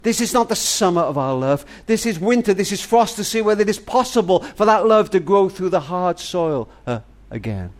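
A man's voice: high-pitched, very animated, fairly quick, hardly any pauses. An older man giving a tender, earnest, grandfatherly monologue, speaking as if to his granddaughter. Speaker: family charity speaker. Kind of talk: heartfelt spoken monologue to a granddaughter.

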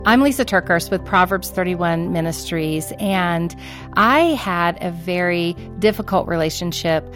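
A woman's voice: fairly low pitch, unhurried, over music. A woman giving a heartfelt personal testimony. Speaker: ministry speaker.

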